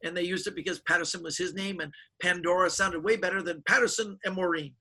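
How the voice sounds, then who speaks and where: A middle-aged man, a touch husky, spins stories in a high and bright voice. He slips into the voices of people he quotes. The talk is loose and casual, like an interview. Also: fast, poor audio. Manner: animated storyteller acting out quoted voices. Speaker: guest magician.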